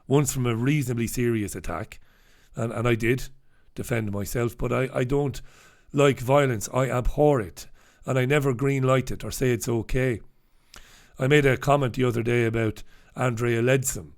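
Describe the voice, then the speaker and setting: A man's voice: mid-range voice, moderate pace. A middle-aged man from the UK hosting a casual livestream, reading the papers and greeting viewers in an irreverent, swearing manner. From United Kingdom. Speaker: host.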